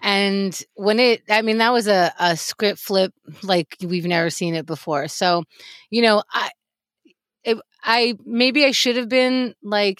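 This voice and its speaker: A woman co-hosting a podcast in casual chat, halting and drawn out. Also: medium pitch, a bit bright, smooth, no echo, studio quality. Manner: halting, drawn-out, many restarts. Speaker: podcast co-host.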